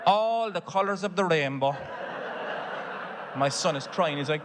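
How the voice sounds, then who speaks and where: A man's voice: fairly high pitch, lively intonation, measured pace. Irish man doing stand-up in a hall. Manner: storytelling, swears often, builds to shouting. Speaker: stand-up comedian. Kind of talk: stand-up comedy. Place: large theatre stage. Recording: live hall reverb, faint audience noise.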